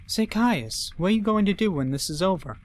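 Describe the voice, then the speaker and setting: A man voicing a moody, sharp-tongued teenage girl companion from a video game, reading her lines aloud with a raised pitch. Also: expressive, a little fast, background noise. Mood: earnest.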